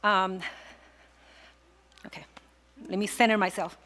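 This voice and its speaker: A woman's voice: medium pitch, fairly even intonation, slow pace, sharp tone. A woman reading an award nomination at a ceremony in an upbeat, enthusiastic way. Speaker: nominator, alumna.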